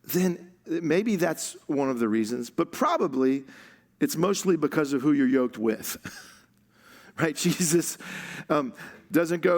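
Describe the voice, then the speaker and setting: A man's voice: on the high side, animated, slow pace. A man preaching a sermon as pastor, conversational and light, laughing often and drawing out words for emphasis. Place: church stage.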